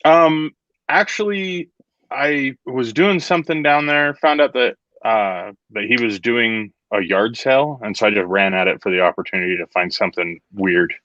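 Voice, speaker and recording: Relaxed man hosting a livestream. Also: medium pitch, normal speed, no echo, lo-fi sound. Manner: relaxed, reads chat aloud. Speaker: stream host.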